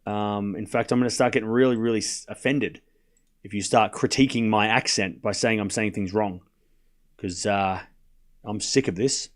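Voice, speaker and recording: Speaking at a normal speed with a lowish, fairly even voice, a young Australian man commentates live tennis on a casual stream. His talk wanders chattily, with score updates dropped in among the tangents.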